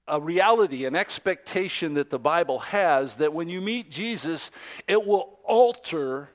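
A man in his fifties, a pastor, giving a conversational sermon, telling a story in a relaxed way with many ums and light jokes. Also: a little high.

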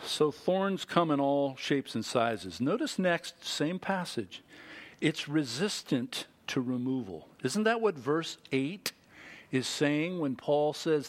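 A middle-aged man delivers a sermon at an unhurried pace. His voice sits a little high and swings widely in pitch. He keeps drawing listeners in with rhetorical questions. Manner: animated, asks the congregation many rhetorical questions. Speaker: pastor.

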